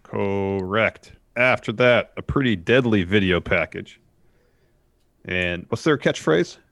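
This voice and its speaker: Man, very low voice, dry and laid-back, casual podcast co-host, dead room. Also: slow, creaky, fairly bright tone, no room sound. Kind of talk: casual wrestling recap chat.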